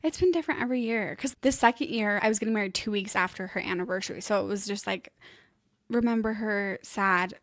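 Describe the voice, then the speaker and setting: A woman's voice: medium pitch, quick pace, fairly bright tone, dry recording, clean studio sound. A young adult woman co-hosting a podcast, talking candidly and emotionally and acting out what other people said to her. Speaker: podcast co-host. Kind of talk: candid conversational podcast chat.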